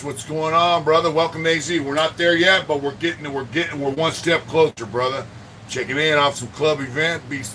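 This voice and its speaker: A man chatting on a livestream from his home art studio, cursing freely and greeting viewers by name. He sits back from the mic, and an air conditioner hums loudly behind him. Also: mid-range voice, far from the mic, background noise. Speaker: livestream host. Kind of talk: casual livestream chat.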